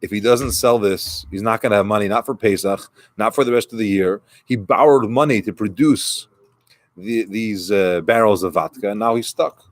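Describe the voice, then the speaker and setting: A man's voice: fairly low pitch, moderate pace, no echo. A man who is a rabbi, giving a conversational sermon and retelling a story with quoted dialogue.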